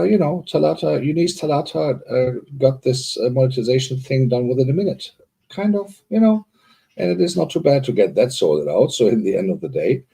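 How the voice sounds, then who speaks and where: A man's voice: medium pitch, creaky, mellow, husky. A man co-hosting a live online party, chatting loosely with many fillers and greeting viewers as they arrive. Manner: rambling, filler-heavy, upbeat greeting of viewers. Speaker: co-host. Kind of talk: live-stream hosting chat.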